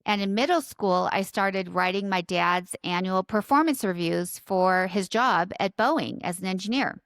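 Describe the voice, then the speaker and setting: A woman in her fifties with a Southern California accent tells her own story as a podcast host. Her voice is smooth and clear, recorded close and dry with no room sound. She speaks in a reflective, conversational way, dropping in light self-deprecating asides. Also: medium pitch, a little slow, fairly bright tone, dry recording. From born in South Korea, raised in Southern California. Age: 50s.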